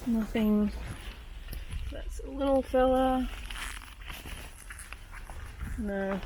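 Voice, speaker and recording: High-voiced chatty woman exploring outdoors. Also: a little slow, darkish tone, a little hiss or hum, low-quality recording. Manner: chatty, exclamatory, talks to viewers. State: out of breath while walking. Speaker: cryptid-hunting vlogger. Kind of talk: casual vlog commentary while exploring. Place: overgrown cemetery outdoors in the rain.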